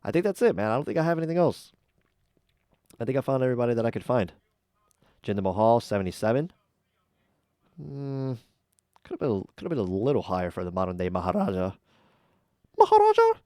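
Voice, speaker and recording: A man's voice: fairly low pitch, fast talker, long pauses, dark tone, no echo, studio quality. A man hosting a casual reaction video, giving blunt, chatty opinions with plenty of ums and uhs. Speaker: YouTube reaction host.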